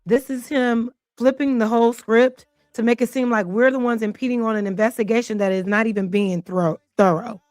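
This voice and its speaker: Woman host going off on a clip, blunt and cussing, kinda high voice, dry sound with faint music under. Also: steady tone, a little fast, few pauses, darkish tone, dry recording. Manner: blunt, profane and heated. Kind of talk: casual reaction commentary.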